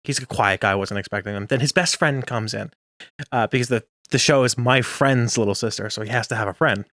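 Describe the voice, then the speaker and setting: A man's voice: mid-range voice, fairly quick, fairly bright tone, no room sound. Chatty young man, dry close sound. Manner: chatty, laughs often, jokey. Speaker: podcast co-host. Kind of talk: casual chat recapping an anime episode.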